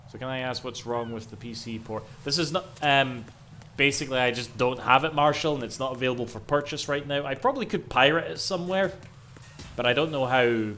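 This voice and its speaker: A man's voice: mid-range voice, fairly bright tone, a little hiss or hum. A man with a Scottish accent chatting casually as he streams a video game, swearing freely and grumbling about crashes. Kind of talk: casual gameplay commentary. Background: game music.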